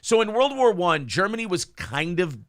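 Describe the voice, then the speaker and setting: Animated, profane talk-show host. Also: male voice, sits high, moderate pace, dry recording, clean studio sound. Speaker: podcast host. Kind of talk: casual talk show banter.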